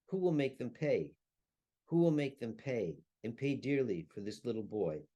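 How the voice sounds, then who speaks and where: A man's voice: medium pitch, warm tone. A man reading the lines of an elderly grieving Jewish saddle maker who laments and curses bitterly. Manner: lamenting, rising to furious curses.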